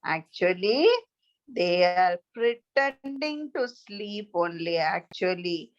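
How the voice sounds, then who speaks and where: A woman's voice: fairly low pitch, animated, slow, soft background music. A woman voicing a clever young princess who patiently explains her lesson to her father. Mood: coaxing. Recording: dull lo-fi recording.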